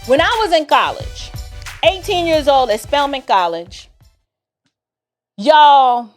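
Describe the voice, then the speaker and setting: A woman from the Bronx telling a personal story in a casual, expressive way, talking straight to her listeners. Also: sits high, slow, faint music behind. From the Bronx, New York. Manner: animated and expressive, addresses listeners directly.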